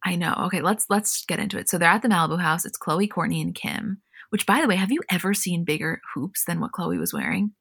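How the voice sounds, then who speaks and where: A woman co-hosting a podcast, recapping a reality show in casual chat and retelling scenes with animated storytelling. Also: on the low side, fast, vocal fry, few pauses, breathy edge, dry recording, clean studio sound. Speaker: podcast co-host.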